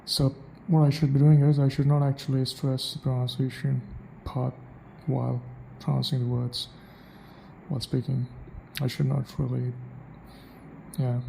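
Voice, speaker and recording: Gravelly, flat-voiced man musing aloud. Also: medium pitch, normal speed, slight background noise, low-quality recording. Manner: muses aloud, repeats phrases to try them out. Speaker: accent practice vlogger. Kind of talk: thinking-aloud monologue.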